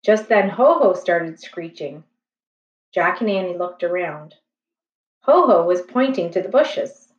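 A woman reading a children's chapter book aloud in a slow, gentle, expressive way. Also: lowish voice. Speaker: storybook reader. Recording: echoey room, distant, slightly dull.

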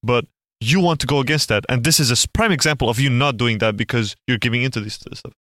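A young man in casual podcast banter, teasing his friends and arguing a point. His voice has a bright, forceful edge. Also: mid-range voice, quick pace, no room sound, clean studio sound. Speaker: podcast co-host. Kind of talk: casual chat.

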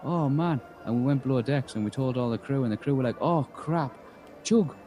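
A man's voice: mid-range voice, fast, mellow, faint music behind, poor audio. Rambling man spinning a tale. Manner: rambling, full of restarts and acted-out quotes. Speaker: game master. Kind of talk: in-character storytelling at a tabletop game.

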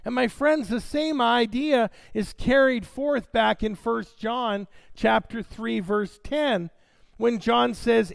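A man's voice: extremely high pitch, slow, creaky, no echo. A man preaching a sermon, reading scripture dramatically and addressing his congregation directly.

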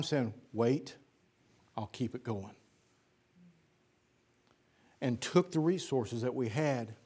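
A man preaching a sermon, telling a folksy story and then building to fervent emphasis. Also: medium pitch.

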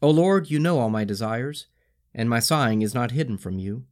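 A man reads scripture in a solemn, measured voice. His pitch sits mid-range but rises and falls a great deal, so each line sounds expressive rather than flat. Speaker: scripture reader.

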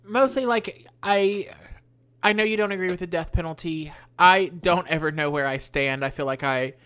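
Wry low-voiced woman co-host. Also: normal speed, fairly bright tone. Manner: chatty, wry, self-mocking. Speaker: podcast co-host. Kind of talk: casual chat.

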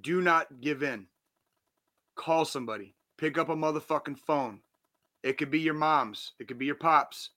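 A slightly high male voice with a sharp tone, delivered at a moderate pace. He's a forties-aged podcast host giving an earnest, blunt, profanity-heavy pep talk as a casual motivational monologue.

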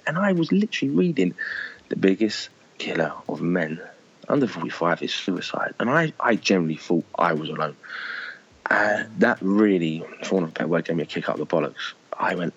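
Deep husky-voiced blunt man. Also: expressive, a little fast, muffled recording. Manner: emotional, blunt, swears, calls people mate. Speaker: charity fundraiser guest. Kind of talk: candid interview talk.

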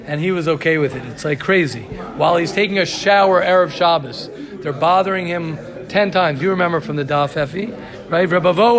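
A man teaching a Talmud class who reads Hebrew lines aloud and then translates them, pausing to reassure his students. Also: high voice. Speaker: Torah teacher.

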